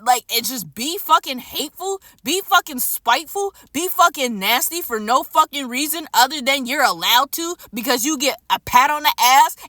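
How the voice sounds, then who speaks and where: A woman in a furious, unscripted rant with a high, bright voice. She swears heavily and repeats phrases for emphasis. The sound is dry and close, with no room echo. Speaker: streamer and vlogger. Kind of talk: unscripted angry rant to camera.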